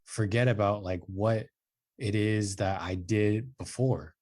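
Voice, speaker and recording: A man's voice: on the low side, slow. A man in his twenties, a podcast guest, telling a personal story casually and acting out the quoted lines with a raised voice. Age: 20s. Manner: animated, acts out quotes with raised voice; casual, says "like" and "dude" often.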